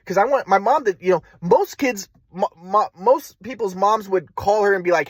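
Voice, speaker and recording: A man's voice: high-pitched, moderate pace, hardly any pauses, breathy edge, no echo. A man telling a personal story in a rambling, agitated, profane monologue. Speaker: vlogger.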